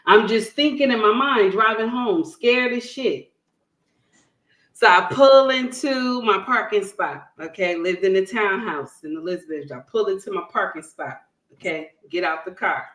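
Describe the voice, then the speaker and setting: A woman's voice: medium pitch, expressive, normal speed, a bit bright. A woman on an online panel telling a personal story, emphatic and checking in with "okay?" and "right?" as she talks. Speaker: panel guest. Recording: roomy echo.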